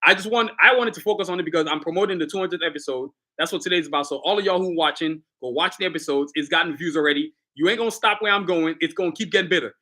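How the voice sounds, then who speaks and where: A man's voice: on the high side, rapid-fire, few pauses, bright, forceful tone. A man hosting his own livestream, talking casually in a hyped, motivational, slangy way straight to his viewers. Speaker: livestream host, artist.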